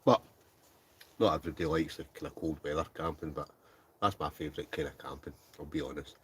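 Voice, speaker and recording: A man's voice: extremely low pitch, quick pace, a little hiss or hum. A Scottish man hosting a casual livestream from his tent, chatting, laughing and reading out viewer comments. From Scotland. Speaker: livestream host. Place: inside a tent.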